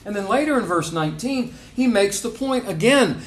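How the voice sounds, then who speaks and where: A man's voice: high-pitched, animated, moderate pace, hardly any pauses. A man preaching a sermon in a conversational way, rising to emphatic stresses on key phrases. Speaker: pastor.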